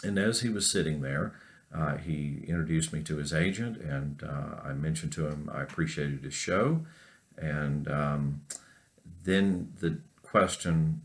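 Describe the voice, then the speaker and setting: Very deep-voiced professor. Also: male voice. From North Carolina. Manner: unhurried storytelling with many fillers. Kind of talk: recorded class lecture with an anecdote.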